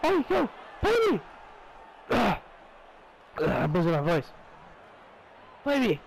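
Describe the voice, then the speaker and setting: A teenage young man playing a soccer video game, shouting boastful trash talk. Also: high voice, huge pitch swings, measured pace, vocal fry, a crowd in the background, noisy background. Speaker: gamer. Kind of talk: casual gaming banter.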